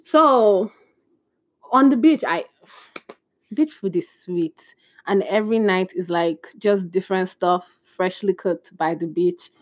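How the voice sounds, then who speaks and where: A young woman in casual storytime chat, chatty and animated, acting out bits of dialogue with exclamations. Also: fairly low pitch, slow pace, dry recording. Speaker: vlogger.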